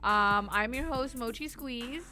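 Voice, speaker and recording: Chatty lady hosting a podcast, kinda high voice, laughs a lot. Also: bright, forceful tone, soft background music. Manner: chatty, quick, laughing often. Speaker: podcast host. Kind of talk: casual chat.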